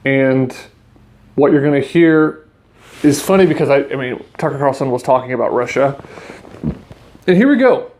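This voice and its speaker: A man's voice: medium pitch, expressive, normal speed, long pauses, darkish tone. A man hosting a podcast, casually commenting on the news and reading articles aloud in a conversational way. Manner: conversational, restarts and fillers, speaks to listeners as guys. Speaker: podcast host.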